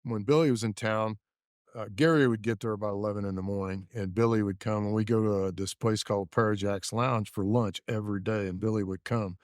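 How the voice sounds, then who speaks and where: Low-voiced man in his seventies. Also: dry recording, studio quality. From Indianapolis, USA. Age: 70s. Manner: measured, steady, many "uh" fillers. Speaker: guest, former race mechanic. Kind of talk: casual interview storytelling. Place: studio.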